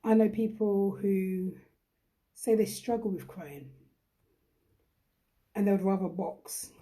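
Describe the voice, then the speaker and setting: A woman's voice: mid-range voice, slow pace, mellow. A middle-aged woman hosting a reflective live-stream talk, speaking earnestly and repeating phrases for emphasis. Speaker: host.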